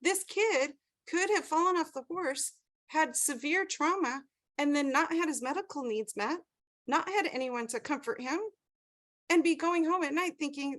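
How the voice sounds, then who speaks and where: A woman's voice: high-pitched, animated, normal speed, fairly bright tone. A woman teaching a class over a video call, telling a story with animation and checking in with the group. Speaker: class instructor.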